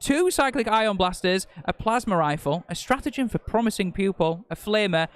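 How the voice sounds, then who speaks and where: Male co-host, high clear voice, jokey list-reading commentary. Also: expressive, normal speed, few pauses. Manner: jokey, reels off unit lists. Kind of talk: live tabletop game commentary.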